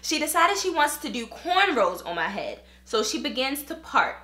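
A woman's voice: sits high, moderate pace, echoey room. A woman vlogger in casual chat, reading a viewer's email aloud and talking straight to her viewers. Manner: chatty and animated, talks straight to viewers.

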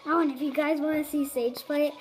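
Turtwig, a performer voicing a squeaky little turtle. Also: level tone, fast, lightly acted, rough recording. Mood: giddy. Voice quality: squeaky, shrieking exclamations. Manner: giddy, silly, easily startled. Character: excitable, squeaky little turtle creature gaming. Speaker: channel host. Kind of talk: game commentary in character. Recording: game music loud behind voice.

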